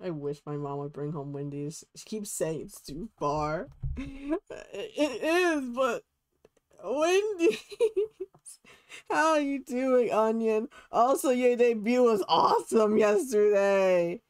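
A man's voice: high voice, slow, clean tone, dry recording, studio quality. A young man streaming a video game and chatting with his viewers, bubbly and giggly. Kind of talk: casual gaming stream chat.

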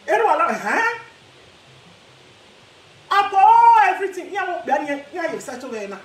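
A Nigerian woman vlogger ranting to camera in a casual, animated way, laughing often and mixing pidgin with her local language. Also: very high-pitched, normal speed, roomy sound. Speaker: social media vlogger.

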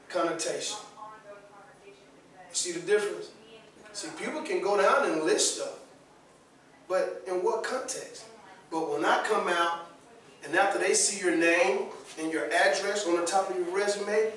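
A man leading a career skills workshop for students, lively and checking in with the room after nearly every point. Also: high-pitched. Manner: lively, asks the audience often, repeats "all right?" and "okay?". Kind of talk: classroom workshop talk. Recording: very echoey room, voice from far off the mic.

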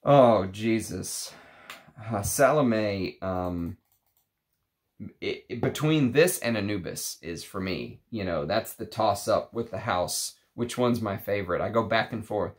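A man with a somewhat low voice talks through his fragrance collection in a relaxed, unscripted way. He gushes with excitement, restarting sentences and filling pauses as he goes. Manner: enthusiastic, gushing with restarts and fillers. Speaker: perfume reviewer. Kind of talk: casual video review.

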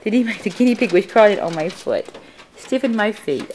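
A woman's voice: mid-range voice, animated, brisk, darkish tone, a little hiss or hum. A woman showing her guinea pigs in a casual home video at home, talking in cooing baby talk to her pets, filmed on a handheld camera. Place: indoors at home.

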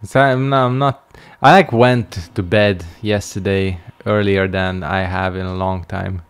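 A man's voice: sits low, steady tone, a little slow, clean tone. A male streamer giving casual gameplay commentary, making wry jokes and yawning as he plays. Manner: wry, joking asides while playing. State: sleepy, yawning.

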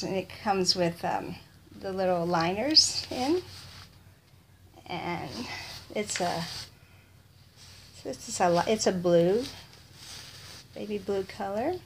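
Woman, middle-aged, soft whispery gushing, faint background hiss. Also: fairly low pitch, takes it slowly, pauses often. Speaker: vlogger. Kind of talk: casual unboxing chat. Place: home, indoors.

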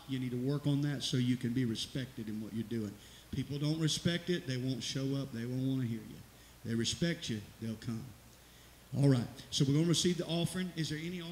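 A middle-aged man, a pastor giving rambling, folksy church announcements and exhortation in a church sanctuary. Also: mid-range voice. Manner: folksy, rambling, preacherly, rising to loud exclamations. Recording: echoey church hall with hiss.

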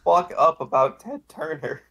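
A young man co-hosting a podcast, chatting casually in a quick, blunt, sardonic way. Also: on the high side, very animated, gravelly, crowd noise. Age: young adult. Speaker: podcast co-host. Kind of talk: casual chat.

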